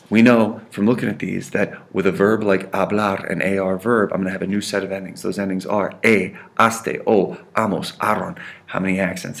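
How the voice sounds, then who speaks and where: Male teacher, low register with grit, runs a grammar lesson and keeps checking "right?". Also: creaky. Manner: checks in constantly with "right?" and "okay?"; stresses and repeats key sounds. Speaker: Spanish teacher.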